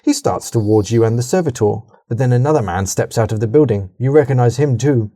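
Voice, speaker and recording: A man co-hosting a casual podcast reads an interactive story aloud, often breaking off to laugh, swear and comment. His voice is mellow and dark, at a middling pitch. It is recorded dry and close on a podcast mic. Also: expressive, brisk, no room sound.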